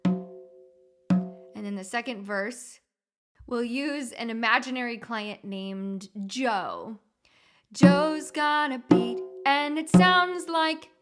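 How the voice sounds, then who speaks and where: A woman, a music therapist and podcast host, explaining steps plainly with a few fillers and singing simple call-and-response demos. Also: mid-range voice. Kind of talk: teaching podcast with sung demonstrations.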